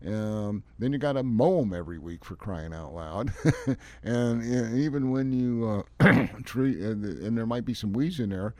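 A man's voice: mid-range voice, lively intonation, measured pace, dark tone, no room sound. An older man who installs lawns, chatting on a radio show in a folksy, rambling, emphatic way. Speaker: landscaping guest expert on a radio show. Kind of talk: casual radio chat.

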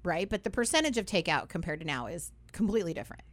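A woman's voice: on the low side, expressive, fast talker. A young adult woman hosting a radio talk show, chatty and upbeat, often adding "right?" and "like".

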